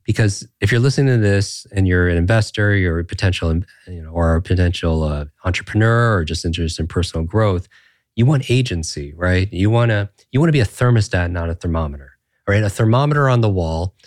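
A man guest on a podcast interview, telling personal stories in an earnest, animated way, with frequent restarts and rhetorical "right?" checks. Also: low-pitched, fairly quick, no echo, clean studio sound. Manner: animated, earnest, many restarts and tag questions. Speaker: podcast guest, brain coach. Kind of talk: conversational interview storytelling.

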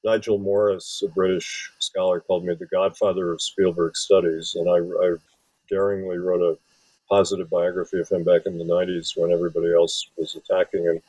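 A man's voice: low-pitched, level tone, brisk, a little mellow, breathy edge, no echo, poor audio. A man from Wisconsin, an author and film scholar, giving long rambling interview answers full of restarts. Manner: rambling, many restarts and fillers.

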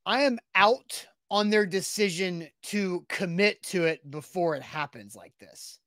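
A man co-hosting a sports talk show, arguing his points emphatically and getting animated as he makes his case. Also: high-pitched, measured pace, dry recording, studio quality.

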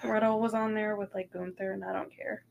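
A woman's voice: mid-range voice, little pitch movement, brisk, gravelly, a little mellow, dull audio. A woman in her thirties co-hosting a casual podcast, chatty, full of ums and casual swearing. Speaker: podcast co-host. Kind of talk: casual chat recap.

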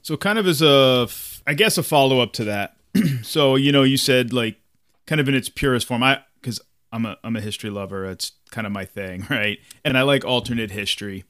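A man's voice: medium pitch, brisk, fairly bright tone, no room sound, studio quality. A man hosting a gaming podcast, asking a rambling, casual question. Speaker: podcast host. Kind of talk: podcast interview.

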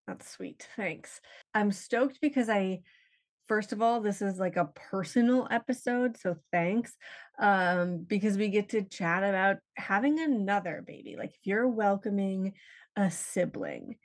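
A woman's voice: medium pitch, a little slow. Breathless, chatty woman podcast host. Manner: upbeat, slangy and chatty. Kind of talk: casual chat.

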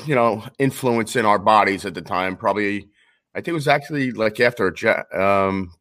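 A man's voice: on the low side, moderate pace, a bit bright. A man with a New York accent, a guest collector telling rambling, joking stories in casual chat over a remote call. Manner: brash, joking, rambling storyteller.

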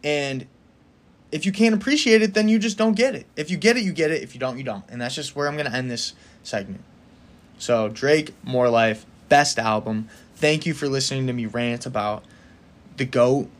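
A young man rants on his own podcast in a loose, chatty way, pushing his opinions hard and with plenty of enthusiasm. His voice sits at an ordinary middle pitch for a man. He laughs easily between points. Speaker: podcast host. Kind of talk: casual solo podcast rant.

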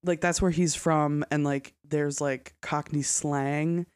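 A woman in her thirties co-hosts a loose podcast chat, laughing between sentences and peppering her talk with "like" and curses. Her voice is notably low and sounds dry and close. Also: fairly even intonation, slow pace, darkish tone, clear, resonant tone, no echo. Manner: laughing, sweary, filler-heavy storyteller. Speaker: podcast co-host. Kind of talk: casual chat.

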